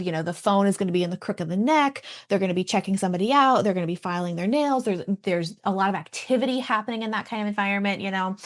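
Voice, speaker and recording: A woman who writes and teaches writing, chatting casually on a podcast and pausing often to find her thoughts. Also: medium pitch. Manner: thoughtful, trails off and restarts while thinking.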